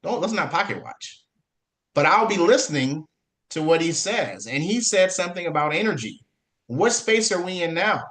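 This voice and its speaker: A man giving an emphatic motivational business pitch to an audience before handing over the stage. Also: sing-song, normal speed, fairly bright tone. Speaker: presenter at business meeting.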